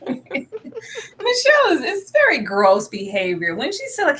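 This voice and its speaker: Animated high-voiced woman recapping TV. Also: normal speed. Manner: animated, laughing, acts out quotes in shrill voices. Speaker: podcast panelist. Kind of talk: casual reality TV recap chat.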